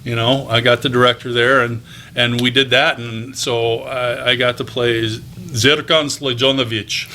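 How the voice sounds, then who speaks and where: This is a man in his fifties guesting on an interview show, recounting how he moved from teaching into voice and on-camera acting. His voice is bright and forward. He rambles in a friendly, anecdotal way, with plenty of fillers and restarts. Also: mid-range voice, little pitch movement, unhurried, slight background noise. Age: 50s. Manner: chatty anecdotal telling with frequent ums and restarts. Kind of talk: casual interview storytelling.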